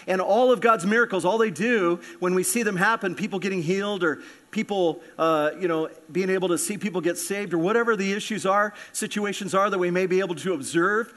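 A man preaching a Sunday sermon, lively and animated, acting out the voices of people in the story. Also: high-pitched. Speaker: pastor.

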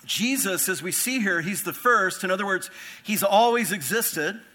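A man's voice: high-pitched, animated, moderate pace, pushed and bright. A man preaching an earnest expository sermon as pastor, asking rhetorical questions and repeating phrases for emphasis.

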